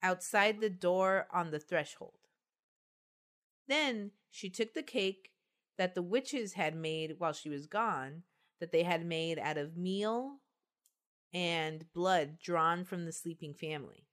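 A woman's voice: lowish voice, slow pace, a bit bright. A woman hosting a podcast, reading a folk tale aloud and joking with friends. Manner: playful, laughs often. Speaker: podcast host. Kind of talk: reading folklore aloud in casual chat.

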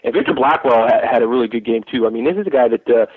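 A man's voice: mid-range voice, racing, breathy edge, no room sound. A man chatting about football recruiting on a podcast, rambling, with plenty of restarts. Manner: rambling, with many fillers and restarts. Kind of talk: casual podcast chat. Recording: tinny phone line.

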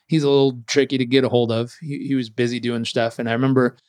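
A man telling a personal story as an interview guest, animated and acting out what others said. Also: medium pitch, quick pace, no echo, studio quality.

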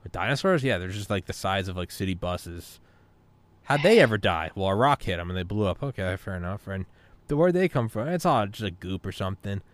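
Guy with a low voice rambling and cussing on a podcast, dry close sound. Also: expressive, fairly quick, no room sound. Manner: rambling, profane and philosophical. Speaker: podcast talker. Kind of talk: casual podcast chat.

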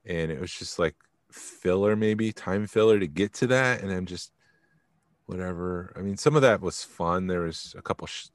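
Man, podcast co-host, very deep voice, rambling casual chat, dry sound. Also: no echo. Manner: rambling, trails off mid-thought.

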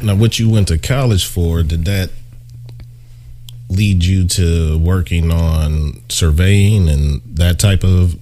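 A man's voice: low voice, slow, dark tone. A man co-hosting a podcast, steering the talk with brief, direct questions. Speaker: podcast co-host. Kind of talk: casual interview.

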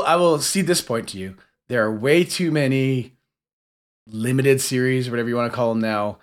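A man's voice: mid-range voice, a bit bright. A man co-hosting a podcast in casual chat, wry and easily exasperated. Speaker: podcast co-host.

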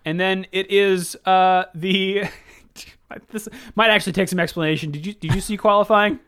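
A man's voice: high voice, fairly even intonation, moderate pace, a bit bright, clear, resonant tone. A man hosting a motorsport podcast, chatting casually with dry puns and mock-announcer segment reads. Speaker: podcast host. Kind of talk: casual chat.

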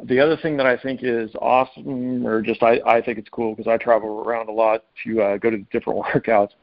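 A man's voice: mid-range voice, little pitch movement, brisk, no echo. Upbeat man hosting, lo-fi audio. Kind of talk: casual podcast chat.

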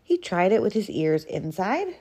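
A woman reading a children's picture book aloud in an expressive storytelling manner. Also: mid-range voice, moderate pace, breathy edge. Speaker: storybook reader.

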